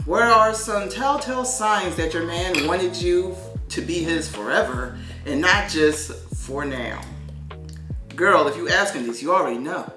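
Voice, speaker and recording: A woman's voice: fairly low pitch, unhurried. A woman co-hosting a podcast, giving dry, dismissive commentary. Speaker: podcast co-host. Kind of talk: casual commentary. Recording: echoey room, faint music.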